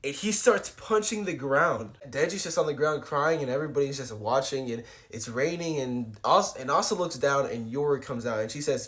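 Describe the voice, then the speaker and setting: A man's voice: mid-range voice, moderate pace, hardly any pauses, fairly bright tone. A man casually summarizing a comic chapter, often saying "like" and "guys". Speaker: manga recap creator.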